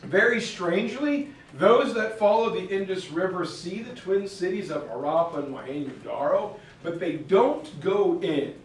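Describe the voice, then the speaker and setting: Higher-pitched male teacher, jokey lecture style, distant classroom audio. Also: moderate pace, few pauses, a little hiss or hum. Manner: jokey, animated storyteller. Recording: echoey classroom from far off.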